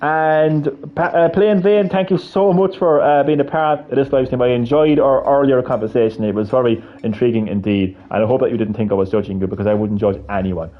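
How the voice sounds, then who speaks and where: A man's voice: medium pitch, fairly even intonation, brisk, few pauses, narrow, tinny audio. A man with a heavy Irish accent chatting on a gaming livestream, rambling with restarts and casual swearing.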